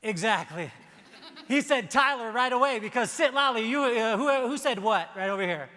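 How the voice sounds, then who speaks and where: A man's voice: very high-pitched, lively intonation, normal speed, sharp tone. A man giving a motivational keynote speech on stage, telling stories and joking with the audience. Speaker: keynote speaker. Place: large hall on stage. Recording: long hall reverb.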